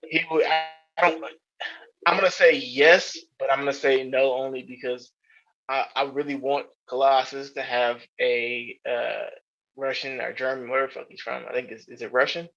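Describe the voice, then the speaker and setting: A man with a gravelly, bright voice chats casually on a podcast. He rambles through profane, animated opinions and restarts his sentences often. The recording is dull and lo-fi. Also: mid-range voice, moderate pace. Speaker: podcast co-host. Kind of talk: casual chat. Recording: dull lo-fi sound.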